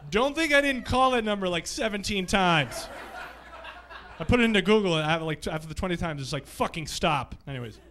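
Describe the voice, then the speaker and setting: A man's voice: sits high, animated, quick pace, fairly bright tone. A man performing a live stand-up set on a comedy club stage, telling loose, rambling stories full of profanity.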